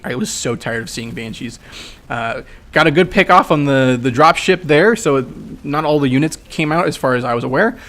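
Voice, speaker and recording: A young man commenting on a replay of his own strategy game match, excitable and swearing, jumping into loud bursts of trash talk. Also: medium pitch. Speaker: gameplay commentator. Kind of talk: casual match breakdown commentary.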